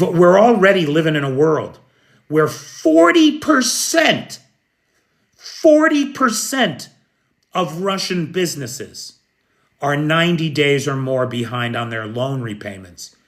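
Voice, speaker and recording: Slow, emphatic American man commenting. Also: medium pitch. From United States. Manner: emphatic, opinionated, addresses viewers by name. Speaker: news commentator. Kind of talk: live news commentary.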